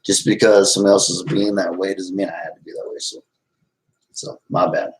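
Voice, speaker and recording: A low-voiced middle-aged man talks a little fast and with flat delivery as he live-streams to his chat. His talk is rambling and restless, full of restarts, turning from agitated to apologetic. The recording is rough.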